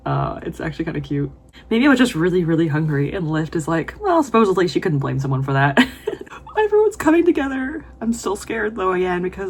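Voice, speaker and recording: A book vlogger with a somewhat low voice reads a novel aloud, keeping things casual and personal. Between passages she breaks into emotional, gushing reactions with laughs and whispered asides, over slight background noise.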